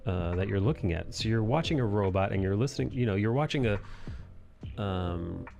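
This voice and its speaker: A man's voice: on the low side, lively intonation, a little fast, vocal fry, darkish tone, faint music behind. A man hosting a drawing live stream, chatting casually in a rambling, profane way that keeps correcting itself. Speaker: live-stream host and comic artist.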